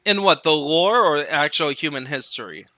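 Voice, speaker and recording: Jokey male co-host, high bright voice, very lively, dry close mic. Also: dry recording. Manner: quick jokey asides and laughter. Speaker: podcast co-host. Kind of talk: casual chat.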